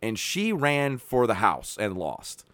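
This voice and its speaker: A man's voice: lowish voice, wildly swooping pitch, slow, a bit bright, dry recording. A man hosting a podcast, recapping clips in casual, sarcastic, profane commentary. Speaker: podcast host.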